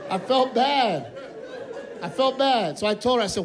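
A man doing stand-up comedy, telling a story with animated, punchy delivery. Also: high voice, moderate pace. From Mexico. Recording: live room with a laughing crowd, noisy.

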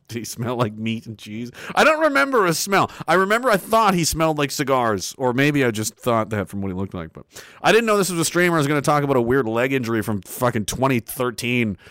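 A man's voice: medium pitch, very animated, a little fast, a bit bright, no echo, clean studio sound. A young man streaming, rambling through a casual story with profanity, frequent laughter and acted-out quotes.

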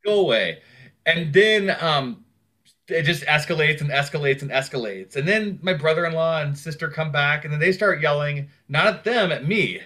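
A man's voice: fairly high pitch, moderate pace. A man telling a long personal story in casual conversation, swearing freely and acting out what other people said. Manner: animated, acts out other people's words.

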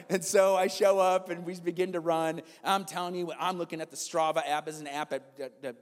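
A pastor in his forties preaching a sermon, moving between loud, emphatic preaching and quiet, conversational storytelling. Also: fairly high pitch, steady tone, moderate pace, long reverb tail. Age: 40s.

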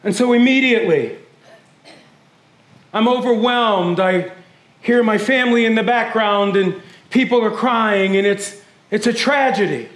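A man preaching as pastor, emotional, calling his congregation family and swinging from hushed grief to shouted praise. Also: high-pitched, a little slow, long pauses, reverberant. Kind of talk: sermon. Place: church sanctuary.

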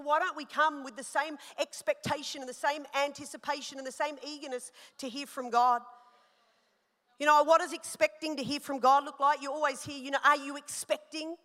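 Bright-voiced woman pastor preaching in a hall. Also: sits high. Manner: animated, personal storytelling with rising emphasis. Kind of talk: sermon. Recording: long hall reverb.

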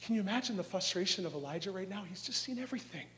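High-voiced preacher, hushed to shouting. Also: male voice, animated, faint music behind. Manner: dynamic, swings from hushed to shouting; asks the crowd questions, drawn-out phrases. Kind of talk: charismatic sermon.

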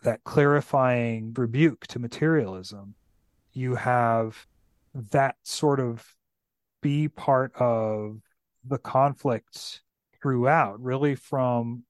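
A man's voice: mid-range voice, no room sound. A man hosting a podcast in an enthusiastic, casual literary discussion, often checking in with "right?". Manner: enthusiastic, tags points with "right?".

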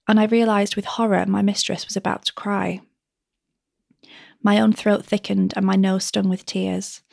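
Female author narrating her novel gently; gravelly timbre, dry close mic. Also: medium pitch, flat delivery, no echo. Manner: measured, gentle first-person storytelling. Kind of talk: audiobook narration.

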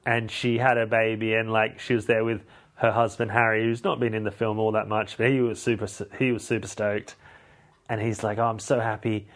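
A man, a podcast host, rambling through a comic film recap in a deadpan, sweary way. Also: fairly low pitch, brisk.

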